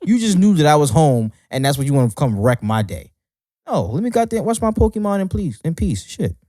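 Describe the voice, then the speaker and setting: A man's voice: on the high side, fairly quick, dry recording, studio quality. A man co-hosting a podcast, telling stories in a casual, profane, ranting way. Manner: animated, profane ranting storyteller. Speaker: podcast co-host. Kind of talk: casual chat.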